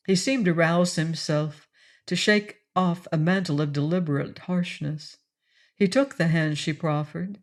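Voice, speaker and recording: A woman narrating an audiobook of a classic adventure novel in a steady storytelling read. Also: on the low side, a little slow. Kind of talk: scripted narration.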